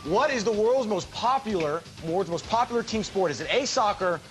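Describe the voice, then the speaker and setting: A man running quiz rounds on a live TV game show, playful and brisk, calling out answers. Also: high-pitched, expressive. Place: TV studio with live audience.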